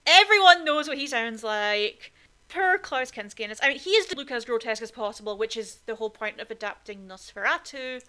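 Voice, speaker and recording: A woman co-hosts a casual film podcast in a bright, slightly high voice. She talks in a chatty, opinionated way and drops in plenty of "like" fillers. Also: animated, a little fast, smooth. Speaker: podcast co-host.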